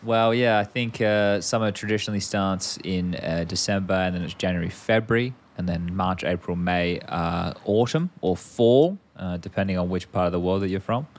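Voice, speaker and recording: A man's voice: deep voice, moderate pace, hardly any pauses. A man co-hosting a podcast, chatting casually and rambling with offhand swearing. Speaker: podcast co-host. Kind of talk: casual chat.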